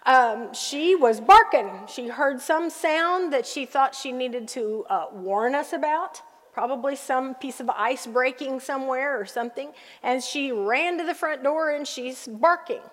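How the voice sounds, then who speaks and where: A middle-aged woman pastor preaching a sermon, telling family stories with lively asides to the congregation. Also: high voice, a little slow, in a large hall.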